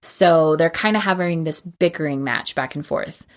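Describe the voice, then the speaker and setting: A woman with a notably low voice co-hosts a casual podcast. She recaps a film's plot in a long, chatty run, dropping in "like" and slipping into quick impressions of the characters. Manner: retells plot at length, acting out characters' lines; chatty, frequent "like" and laughter. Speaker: podcast co-host. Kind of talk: casual film recap chat.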